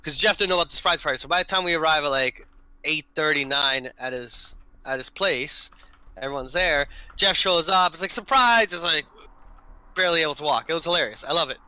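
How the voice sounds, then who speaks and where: Bright, crisp male podcast host. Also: fairly high pitch, brisk, dry recording, poor audio. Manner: lively storyteller, switches between Portuguese and English. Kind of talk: casual live-stream chat.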